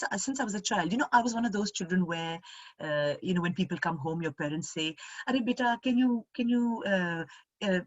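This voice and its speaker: Husky animated woman. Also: on the low side, no echo, highs cut off. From India. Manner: animated, expressive storyteller. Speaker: guest. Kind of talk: casual conversation.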